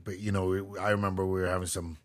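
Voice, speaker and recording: A man's voice: low voice, little pitch movement, fast talker. A man co-hosting a podcast, making his points in casual debate. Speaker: podcast co-host.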